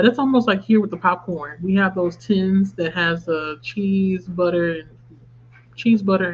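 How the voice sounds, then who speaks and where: A woman in her thirties talks through a craft livestream in an animated, chatty way, reacting to comments and laughing often. The audio is slightly dull and lo-fi, with a faint hum underneath. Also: lowish voice. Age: 30s. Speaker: livestream host. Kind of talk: casual livestream chat reading viewer comments.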